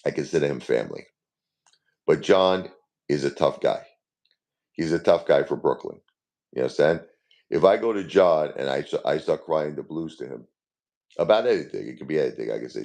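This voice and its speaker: A man's voice: rumbling low, expressive, normal speed, vocal fry, pauses often, darkish tone. A grieving man in his forties, talking casually to his live-stream viewers. He repeats himself and speaks to viewers by name. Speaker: livestream host.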